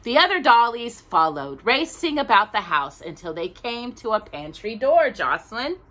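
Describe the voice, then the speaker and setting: A woman reading a children's storybook aloud as a storyteller, with an expressive delivery. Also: on the high side, normal speed. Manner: animated, expressive.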